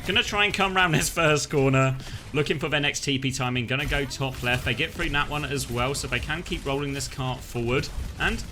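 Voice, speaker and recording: Male play-by-play esports caster, quick calls, easy laughs, noisy stream mic. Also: medium pitch. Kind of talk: live play-by-play commentary.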